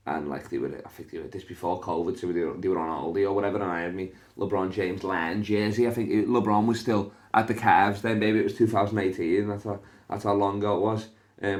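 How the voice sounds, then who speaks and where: A young man with a Liverpool accent, a comedian and podcast host telling casual stories with lots of swearing and acted-out voices. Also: deep voice. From Liverpool, England. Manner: animated, swears a lot, acts out voices in his stories. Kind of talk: casual storytelling chat.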